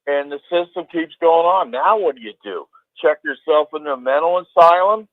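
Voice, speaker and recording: A man's voice: fairly high pitch, normal speed, no echo. Man ranting heatedly over a phone line. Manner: emphatic, heated, swears. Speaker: caller. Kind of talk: call-in ranting.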